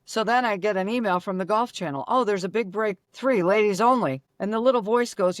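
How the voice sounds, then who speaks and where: An older woman from Buffalo, a guest telling brash, rapid-fire stories with acted-out dialogue. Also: mid-range voice, no echo, studio quality. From Buffalo, New York. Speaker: guest, former pro golfer. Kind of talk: animated storytelling.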